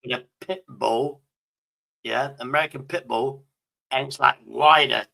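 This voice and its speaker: Gravelly British man swearing as he rambles. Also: mid-range voice, a little slow, sharp tone, poor audio. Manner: swears constantly, rambling anecdotes. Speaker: stream host. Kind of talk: crude casual banter.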